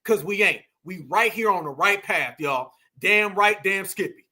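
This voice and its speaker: A man's voice: high voice, measured pace, sharp tone. A man hosting an online commentary stream, talking to viewers in an emphatic, slangy, casual way.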